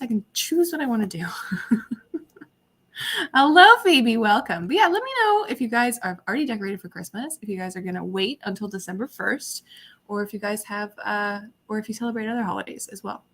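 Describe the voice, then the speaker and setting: A woman's voice: mid-range voice, sharp tone. A young woman hosting a casual livestream from her apartment, chatty and giggly as she talks to her viewers. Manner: chatty and giggly, talking to chat. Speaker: livestream host.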